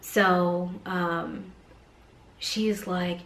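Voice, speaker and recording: A woman's voice: fairly low pitch, normal speed. Chatty woman in an echoey room. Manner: chatty, many fillers, animated retelling. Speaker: vlogger, mother. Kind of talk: casual storytime.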